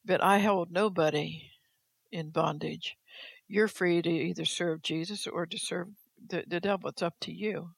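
A preacher gives a sermon in a gravelly, fry-edged voice that stays flat and steady in pitch. The delivery is slow and deliberate, turning again and again to the listeners and repeating phrases to drive each point home. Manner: addresses listeners directly, repeats phrases for emphasis.

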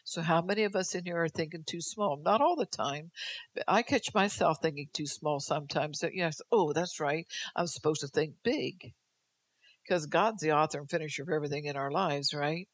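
An older woman preaches at a church service in a low voice at a moderate pace. She exhorts the congregation, speaks prophetic words in the first person, and throws in folksy, teasing asides during her sermon.

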